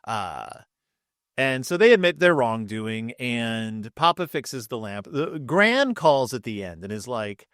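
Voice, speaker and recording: Animated man retelling cartoon plots. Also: medium pitch, no echo, studio quality. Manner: chatty and animated, retells scenes with quick character voices. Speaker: podcast host reviewing cartoon episodes. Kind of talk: casual solo commentary. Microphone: microphone with camera.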